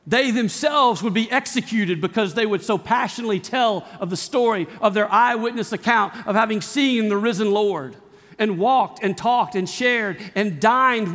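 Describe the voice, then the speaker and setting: In a church sanctuary with a long reverb tail, a male pastor with a high, slightly bright voice preaches a sermon. He's emphatic, using repeated phrases and rhetorical questions.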